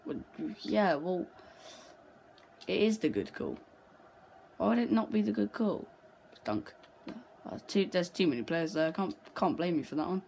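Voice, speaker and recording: A woman chatting through her own football video game match, talking tactics under her breath and bursting into shouts at near misses and goals. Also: fairly low pitch, sing-song, measured pace, gravelly, slight background noise. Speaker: gaming video creator.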